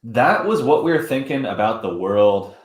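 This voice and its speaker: A young man co-hosting a podcast, chatting casually in a dry, deadpan way. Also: mid-range voice, moderate pace. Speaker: podcast co-host. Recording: roomy echo.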